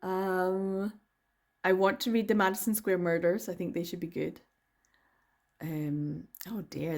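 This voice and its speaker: A woman's voice: on the low side, a little mellow. An enthusiastic woman chats on camera about books in a loose, rambling way. She drifts between thoughts, fills gaps with ums, and laughs easily as she goes. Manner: rambling, enthusiastic, frequent laughs and trailing fillers. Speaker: book vlogger. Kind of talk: casual chatty vlog.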